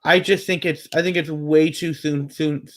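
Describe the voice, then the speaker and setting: Guy rambling thru predictions, kinda high voice, lots of ums and restarts. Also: steady tone, normal speed, fairly bright tone, a little hiss or hum. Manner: rambling, many fillers and restarts. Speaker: wrestling predictions co-host. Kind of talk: casual chat.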